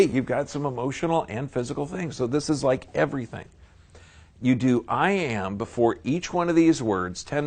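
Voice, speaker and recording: A man giving a live seminar lecture, folksy and emphatic, often checking in with his audience. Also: a little high. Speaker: seminar speaker.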